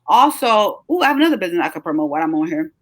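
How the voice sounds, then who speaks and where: A woman's voice: on the low side, big pitch swings, very fast, no echo. A middle-aged woman runs a casual live chat in a chatty, encouraging way, stretching words for emphasis. She sounds tired. Her voice is dry and close, with no room around it. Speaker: host, travel agency owner.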